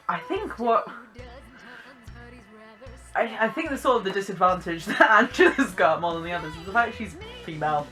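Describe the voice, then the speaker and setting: A young woman with a posh English accent and a bright, clear voice. She talks in a lively, theatre-trained way, enunciating crisply as she gives casual commentary. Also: medium pitch, normal speed, long pauses, faint music behind. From Britain. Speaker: vlogger.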